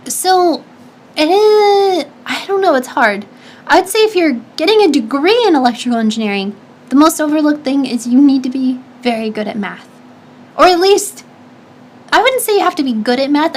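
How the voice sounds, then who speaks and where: Young female streamer, high-pitched, chatty and giggly, rambles through viewer questions with frequent restarts. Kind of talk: casual stream chat reading viewer questions.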